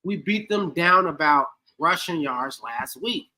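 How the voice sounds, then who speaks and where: A man's voice: on the high side, expressive, unhurried, pushed and bright, rough recording. A man co-hosting a casual sports podcast, giving game grades in a playful, rambling way, often saying "like I said". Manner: repeats "like I said", playful.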